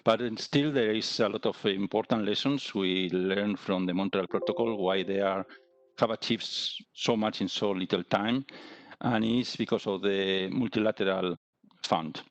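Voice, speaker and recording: A man speaking as a panelist in an online discussion, measured and hesitant, with many fillers and restarts. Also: lowish voice.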